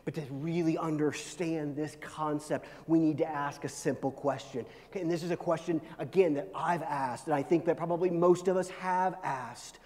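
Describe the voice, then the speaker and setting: A pastor preaching a sermon, swinging between loud, rising pleas and hushed, low lines. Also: male voice, fairly even intonation, moderate pace, hardly any pauses. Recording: long reverb of a large hall.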